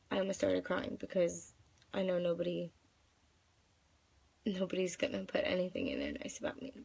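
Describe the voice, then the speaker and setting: Woman in her twenties, tearful, very gravelly, husky, rambling, dry close sound. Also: medium pitch, darkish tone, no room sound. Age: 20s. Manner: upset, rambling, many fillers. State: crying. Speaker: vlogger. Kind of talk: live video venting.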